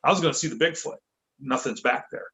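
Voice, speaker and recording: A man from Michigan, a podcast guest, telling a story in a casual, lively way, correcting himself as he goes. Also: medium pitch, fast, rough recording. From Michigan, USA. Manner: lively, self-correcting, acts out quotes.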